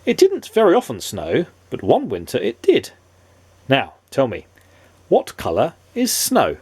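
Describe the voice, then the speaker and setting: A man reading a children's storybook aloud with animated, playful asides to a child listener. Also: medium pitch, a little slow, husky, no room sound.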